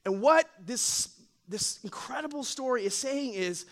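A man's voice: extremely high pitch, unhurried. A man preaching a sermon as pastor, telling stories with playful asides and acting out the lines of the people in them. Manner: animated storytelling, acts out quotes, playful asides.

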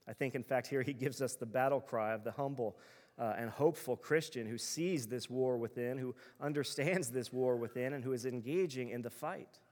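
A man's voice: medium pitch, normal speed, a little mellow, long reverb tail. A male pastor preaching a sermon in an earnest, emphatic way, building his points through repeated phrases.

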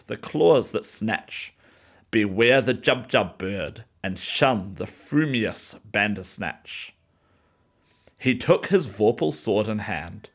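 A man who gives a short personal introduction and then reads a nonsense poem aloud in a slow, deliberate way. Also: lowish voice, fairly bright tone. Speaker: poetry reader.

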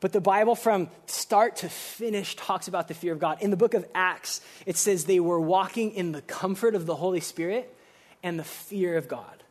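A man preaching a casual, energetic sermon, using slang and swinging between loud emphasis and quiet reflection. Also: high-pitched, normal speed. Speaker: pastor.

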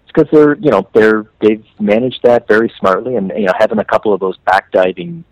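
A man from Canada talking hockey on a podcast, animated and full of restarts, his pitch leaping on stressed words. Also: brisk, dry recording, muffled recording. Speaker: hockey writer guest. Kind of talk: casual podcast chat.

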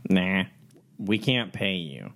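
Man, tabletop game player, wry, blunt, lively pitch. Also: slow pace. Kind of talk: tabletop game role-play.

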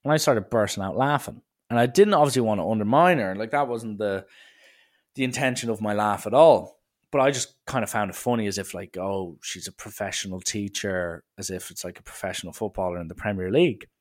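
A man's voice: fairly low pitch, animated, fast. A young Irish man telling a rambling, self-mocking story about his school days in a casual way.

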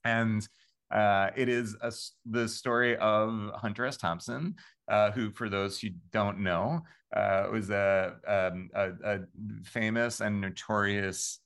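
A man with a somewhat low voice tells a story in a casual interview. He rambles, circles back, and leans on fillers and quick restarts. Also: steady tone, fairly bright tone, clear, resonant tone. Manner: rambling, many fillers and restarts, laughs often. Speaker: composer and podcast guest.

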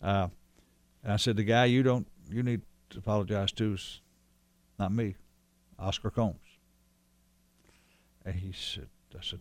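A man with a fairly low voice tells a long story about an old friend. He rambles, restarts his sentences and acts out the dialogue. The sound is dry and close, with no room around it. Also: no room sound. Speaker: storyteller guest recalling a friend. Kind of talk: casual conversational storytelling.

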